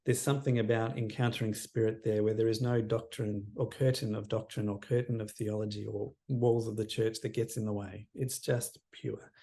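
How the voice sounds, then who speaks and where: Gravelly, mellow man reflecting. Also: fairly low pitch, level tone, normal speed, hardly any pauses. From Australia. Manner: reflective, earnest, trailing off quietly. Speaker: counsellor as podcast guest. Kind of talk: personal storytelling in interview.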